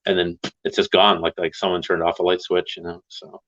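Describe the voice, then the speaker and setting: Low-voiced man telling rambling stories. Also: a little fast, muffled recording, slight background noise. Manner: rambling, animated storytelling with laughs. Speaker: stream host. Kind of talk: casual livestream chat.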